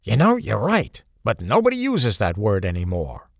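A man voicing a grumbling, deadpan middle-aged friend who loves a bargain, with a lively, swinging voice. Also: lowish voice, normal speed, gravelly, no room sound, clean studio sound, exaggerated voice.

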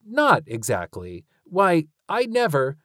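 A woman's voice: low voice, wildly swooping pitch, slow, a bit bright, no room sound, voice pushed up, exaggerated voice. A stiff, flustered man who answers in short, clipped denials, as a woman reads him close to her own voice. The reading is dry and close. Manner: prim, curt.

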